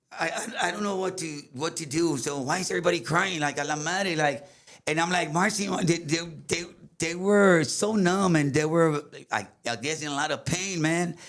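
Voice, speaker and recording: Middle-aged Tejano man, code-switching storyteller, emotional and meandering, slightly higher voice. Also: a bit bright. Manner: rambling, switches between English and Spanish, many fillers. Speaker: guest recounting a story.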